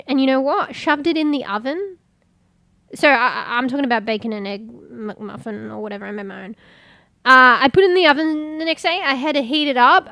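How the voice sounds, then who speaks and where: A woman's voice: a little high, sharp tone, no room sound. A woman, chatting casually and rambling while streaming, swearing offhand and sounding congested.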